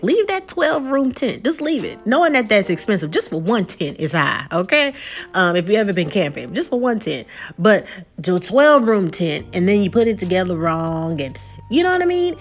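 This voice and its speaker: A young woman giving a casual, conversational recap and review of a TV episode. She repeats words and keeps checking in with her listeners. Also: fairly low pitch.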